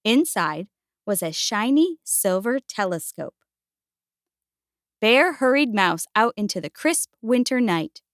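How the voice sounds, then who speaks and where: A woman gently and expressively reading a picture book aloud. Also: medium pitch, big pitch swings, slow pace, no echo, clean studio sound. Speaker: storyteller.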